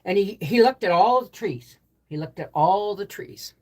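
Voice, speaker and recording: A woman's voice: medium pitch, expressive, moderate pace, warm tone. An older woman hosting a live stream from her home office, telling a rambling, chatty story with many restarts. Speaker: homestead channel host. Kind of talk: casual live-stream chat.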